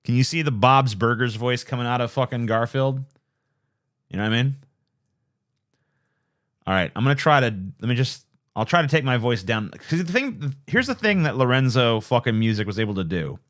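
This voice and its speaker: A man's voice: mid-range voice, expressive, moderate pace, fairly bright tone. A man streaming late at night, chatting casually in a rambling, profane, self-deprecating way.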